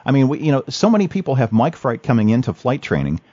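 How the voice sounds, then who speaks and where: A man's voice: mid-range voice, big pitch swings, fast, mellow, dry recording. A man hosting an interview who talks hesitantly, with many fillers and restarts. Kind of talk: casual interview chat. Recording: dull lo-fi recording.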